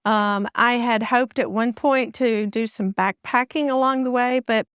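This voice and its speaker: A woman's voice: on the high side, fairly even intonation, measured pace, fairly bright tone, clean tone, no echo, clean studio sound. A woman with a Southern US accent, chatting as a guest author in a friendly, rambling way. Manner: friendly, chatty, with frequent restarts and fillers. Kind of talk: casual interview chat.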